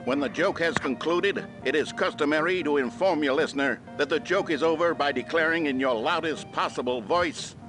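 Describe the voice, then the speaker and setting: A man's voice: a little high, lightly acted. A man playing a cheery instructional-film narrator. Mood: upbeat. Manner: brisk, cheery, mock-authoritative. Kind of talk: retro instructional video narration. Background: music.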